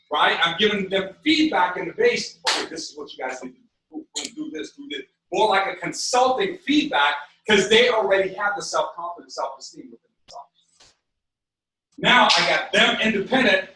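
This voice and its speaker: A man giving a live sales training seminar, energetic, checking in with his audience and acting out conversations. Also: sits high, a little hiss or hum. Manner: acts out dialogue with quoted voices. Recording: echoey room, mic far off.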